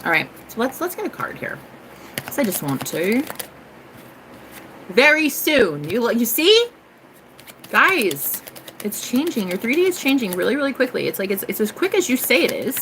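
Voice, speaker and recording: A woman tarot reader chatting casually on a live stream, animated and laughing often, swearing freely and breaking into snatches of song. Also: fairly high pitch, moderate pace, pauses often, a little hiss or hum, low-quality recording.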